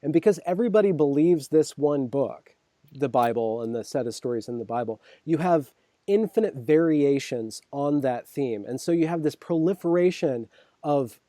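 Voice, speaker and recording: A man hosting a casual conversation, thinking out loud with many restarts and checking "right?" as he explains. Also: a little high, expressive, normal speed, no echo. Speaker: host.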